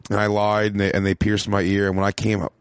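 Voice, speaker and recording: A rambling man trades stories in loose podcast chat and leans on "like" constantly. His voice sits low, and the sound is dry and close, with no room around it. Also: completely flat delivery, fast talker, smooth, no echo. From Philadelphia, USA. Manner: rambling storyteller, lots of "like" fillers. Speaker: comedian, podcast guest. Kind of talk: casual chat.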